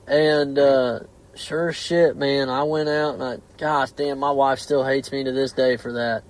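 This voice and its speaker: A man's voice: medium pitch, fairly even intonation, moderate pace, low-quality recording. A man, hosting a casual podcast chat, swearing heavily and speaking bluntly and heatedly.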